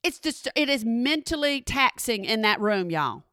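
A woman telling a funny personal story in an animated, exasperated way, talking straight to her listeners. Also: a little high, measured pace, smooth, no echo, clean studio sound. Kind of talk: comedic storytelling monologue.

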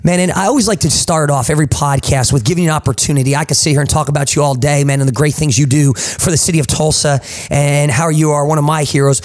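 A man's voice: a little high, fairly even intonation, quick pace, hardly any pauses. A man with a New Jersey accent hosting a podcast, talking with hype and motivational energy. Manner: hype, motivational, calls people man and boss. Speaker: podcast host. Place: studio.

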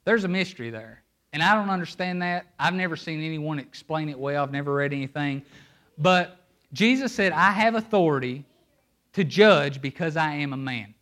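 A man's voice: on the high side, lively intonation, normal speed, fairly bright tone. A man preaching a sermon on a microphone, emphatic and pulling listeners in with questions. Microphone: handheld microphone.

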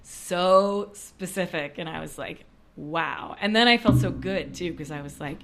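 A woman storyteller with a slightly low voice, talking in a loose, chatty way. She slips into lively bits of quoted dialogue as she recounts her story. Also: normal speed. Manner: chatty, animated when acting out quotes. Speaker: storyteller and performer. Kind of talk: casual conversation.

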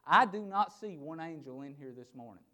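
A man's voice: a little high, lively intonation, moderate pace, pushed and bright. A male pastor preaching a sermon to a small church congregation, reading scripture aloud and breaking into laughing asides.

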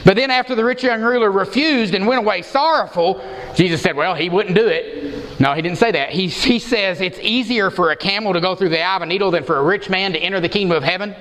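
A man's voice: high voice, fast, fairly bright tone, in a large hall, low-quality recording. A man preaching an expository sermon, emphatic and given to repeating words for stress.

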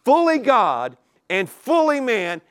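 Preacher guy w a high swooping voice, keeps repeating words, dry close sound. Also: slow pace, clear, resonant tone, no room sound. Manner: animated, repetitive emphatic preaching with rhetorical questions. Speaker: pastor. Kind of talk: sermon.

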